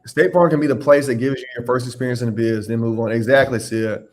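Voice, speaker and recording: A man's voice: medium pitch, steady tone, fast talker, soft background music. A man hosting a live question-and-answer stream, giving blunt, emphatic advice and scolding his viewers. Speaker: host answering live questions on insurance adjusting.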